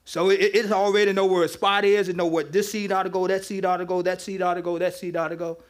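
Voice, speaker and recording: A man preaching a lively, conversational sermon to a congregation, joking with the crowd as he teaches. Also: sits high, fast talker. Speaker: pastor. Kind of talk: interactive sermon. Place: church with live congregation.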